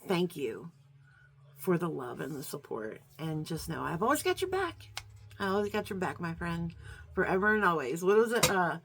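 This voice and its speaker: A woman's voice: fairly low pitch, big pitch swings, normal speed, creaky, a bit bright. A middle-aged woman vlogging in a casual, heartfelt chat to her viewers, rambling with lots of fillers and restarts and getting slightly emotional. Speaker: beauty vlogger.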